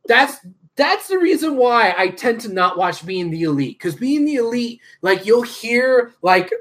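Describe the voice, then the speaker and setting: A man's voice: very high voice, sing-song, measured pace, fairly bright tone. Rambling, profane podcast co-host man. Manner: rambling, profane storytelling with many fillers. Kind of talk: casual wrestling chat.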